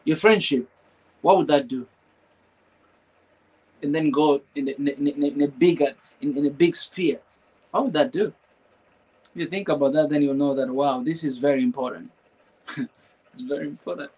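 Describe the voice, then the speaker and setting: A man's voice: on the high side, moderate pace, long pauses, darkish tone, husky, poor audio. A man hosting a live stream, talking emotionally in a preachy way, repeating phrases and asking rhetorical questions. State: emotional, voice breaking at times.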